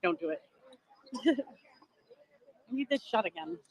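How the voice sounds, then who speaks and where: A woman's voice: mid-range voice, lively intonation, slow, low-quality recording. A middle-aged woman with a Boston accent, chatting with viewers and passersby on a phone livestream from a crowded sidewalk. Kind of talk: walking livestream chat. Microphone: handheld phone.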